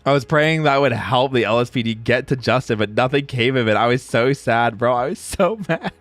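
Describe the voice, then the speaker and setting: Animated, laughing male streamer. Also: mid-range voice, brisk, dry recording, soft background music. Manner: animated ranting with frequent laughter and swearing. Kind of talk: casual livestream chat.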